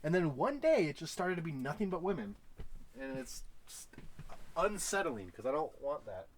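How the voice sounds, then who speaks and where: A man's voice: a little high, very animated, moderate pace, a little hiss or hum. A young man co-hosting a casual podcast from a bedroom, joking and laughing often. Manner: joking, laughs often, does silly voices. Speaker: podcast co-host. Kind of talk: casual chat.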